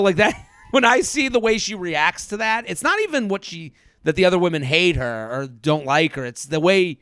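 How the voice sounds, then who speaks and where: A man's voice: sits high, animated, moderate pace, fairly bright tone, smooth, no room sound, clean studio sound. A man co-hosting a casual podcast, talking animatedly and acting out quotes in mimicking voices, with frequent laughs. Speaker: podcast co-host. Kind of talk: casual chat recapping a reality show.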